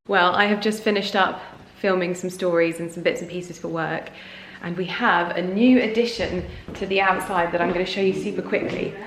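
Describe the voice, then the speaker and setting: A woman's voice: on the low side, steady tone, moderate pace. A woman, vlogging in a casual, rambling way with many fillers and an emotional edge. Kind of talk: casual vlog chat.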